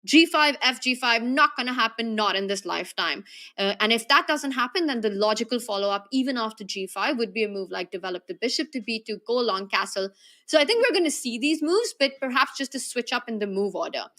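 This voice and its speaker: Young woman, chess commentator, bright higher voice, playful and analytical. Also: expressive, brisk.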